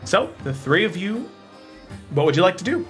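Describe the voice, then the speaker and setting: A man narrating a tabletop game as game master, telling the scene with lively hesitations. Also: high-pitched, moderate pace, soft background music. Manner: lively storytelling with hesitant fillers.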